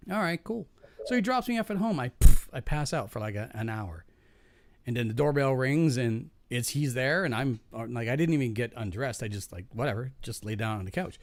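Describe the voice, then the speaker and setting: A man's voice: medium pitch, brisk, no room sound. A man hosting a podcast, telling a work story casually, swearing and acting out the people he quotes. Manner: animated, swearing, acts out quoted voices. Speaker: podcast host.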